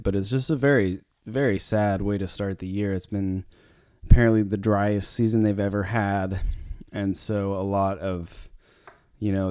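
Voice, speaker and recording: A man's voice: on the low side, mellow, clear, resonant tone, no echo. A man hosting his own podcast, talking casually and rambling, with lots of fillers and restarts, into a close mic. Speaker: podcast host. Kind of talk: casual solo podcast talk.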